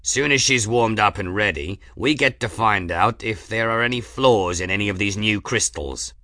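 A man voicing a gruff, hard-driving male ship engineer who shouts orders and growls. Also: lowish voice, moderate pace, no room sound, studio quality.

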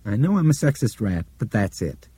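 A man's voice: on the low side, very animated, moderate pace, warm tone, slightly rough, no echo, pitched above the performer's own voice, heavily acted. A man doing a nervous, polite boy. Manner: earnest, apologetic.

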